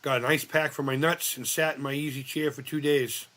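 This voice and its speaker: A man's voice: mid-range voice, fairly even intonation, brisk, a bit bright. A middle-aged man, hosting a casual live chat and telling rambling, profane stories while reading chat aloud. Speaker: livestream host.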